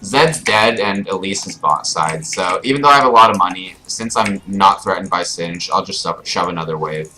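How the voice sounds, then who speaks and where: A man's voice: deep voice, normal speed, hardly any pauses, sharp tone, a little hiss or hum, poor audio. A young man giving casual live commentary over his own gameplay as a streamer, explaining his choices with frequent fillers. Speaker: gaming streamer. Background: keyboard clicks and typing.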